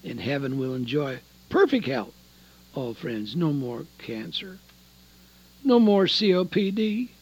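Dramatic high-voiced radio preacher man. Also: big pitch swings, takes it slowly, breathy edge. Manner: dramatic, swings between loud and hushed. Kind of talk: radio sermon.

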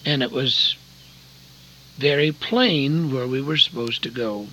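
An older man from Oregon preaching a sermon, earnest and folksy, telling a story with sudden loud emphasis. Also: medium pitch, slow pace, a little hiss or hum, rough recording. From Oregon, USA.

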